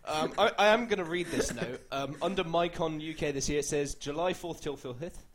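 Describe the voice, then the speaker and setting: A young man co-hosting a podcast, reading out notes and swearing casually in lively chat. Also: fairly high pitch, moderate pace, crowd noise. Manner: swearing, animated, reads notes aloud. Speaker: podcast co-host. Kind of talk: casual banter.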